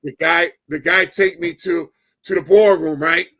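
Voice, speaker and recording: A middle-aged man giving a personal testimony as a guest, telling it in an animated way, acting out the dialogue and often checking in with "right?". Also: a little high, unhurried. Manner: animated storyteller, keeps adding "right?"; acts out quoted dialogue.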